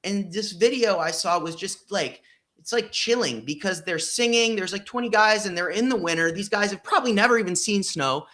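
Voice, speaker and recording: Bright, emphatic man in casual talk. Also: high-pitched, a little fast. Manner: emphatic, profane, many fillers. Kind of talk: casual discussion.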